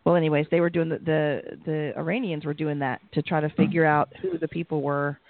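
Male co-host, slightly high, gravelly, halting delivery, dry tinny line. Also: flat delivery, dry recording. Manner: halting, many restarts and fillers. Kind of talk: casual TV recap chat. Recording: dry, phone-like audio.

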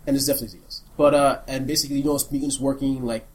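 A man's voice: mid-range voice, fairly even intonation, racing, darkish tone, poor audio. A man running a tabletop game as game master, rambling loosely with lots of fillers.

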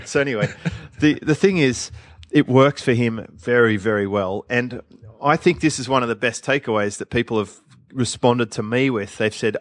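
A man co-hosting a podcast, swapping stories about online marketing in a relaxed, chatty way. He jokes at his own expense and laughs as he tells his anecdotes. His voice is recorded dry, with no room sound. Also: medium pitch, moderate pace, no room sound. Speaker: podcast co-host and event organizer. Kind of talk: casual business chat.

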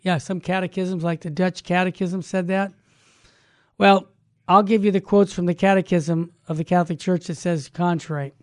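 A man, a Catholic evangelist, telling a story and then teaching in an animated, folksy way. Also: high-pitched, normal speed, no room sound, studio quality.

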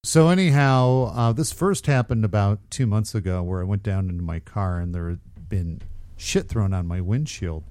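A man's voice: fairly low pitch, normal speed, darkish tone. A man casually telling a rambling, profane story on a podcast, often laughing at himself. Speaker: podcast co-host.

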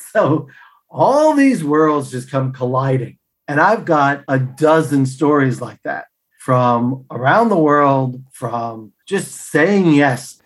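A man telling stories as a podcast guest, acting out the people he quotes with big jumps in pitch and laughing as he goes. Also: lively intonation, slow. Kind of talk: casual storytelling.

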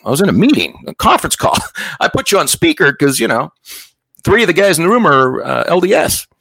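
A man's voice: a little high, big pitch swings, fairly quick, vocal fry, a bit bright, husky, pitched above the performer's own voice, full character voice. A man voicing a startled middle-aged father who is caught off guard on a work call and answers abruptly. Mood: flustered.

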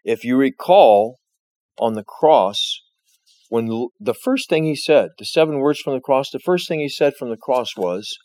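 A man delivers a sermon at a deliberate, unhurried pace, his mid-range voice swelling with emphasis on key phrases. The sound is dry and close, with little room around it. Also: medium pitch, lively intonation, a little mellow, no echo. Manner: slow, emphatic preaching with rising bursts. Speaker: pastor.

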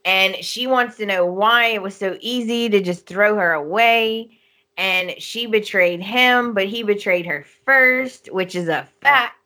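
A woman co-hosting a podcast, retelling a soap opera's plot at length in an animated, casual way. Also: medium pitch, unhurried. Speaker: podcast co-host.

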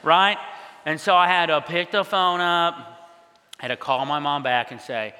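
A male pastor telling a story in a sermon, animated, acting out quoted voices. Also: fairly high pitch, unhurried, a little hiss or hum. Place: church hall. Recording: long hall reverb.

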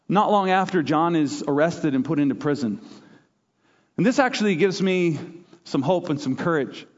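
A man, a pastor from Canada, preaches a sermon with animated storytelling, slipping into quoted voices as he goes. His voice sits slightly high for a man. The sound is a bit muffled and lo-fi, carried by the long reverb of a large hall.

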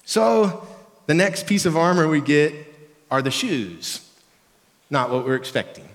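A man's voice: fairly high pitch, lively intonation, measured pace. A middle-aged man preaching as a pastor, talking casually and asking the congregation questions. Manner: conversational, asks the congregation questions. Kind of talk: sermon. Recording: long reverb of a large hall.

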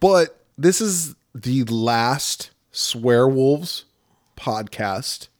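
A man's voice: medium pitch, lively intonation, drawn-out words. A man hosting a casual horror podcast, joking and laughing often and slipping into goofy impressions. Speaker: podcast host. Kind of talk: casual comedic chat.

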